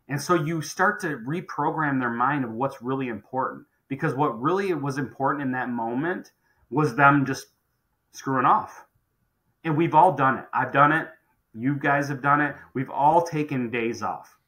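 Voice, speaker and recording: A man's voice: medium pitch, moderate pace, pushed and bright, low-quality recording. A middle-aged man who runs a contracting business, talking emphatically on a podcast and often repeating phrases as he restarts. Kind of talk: podcast conversation.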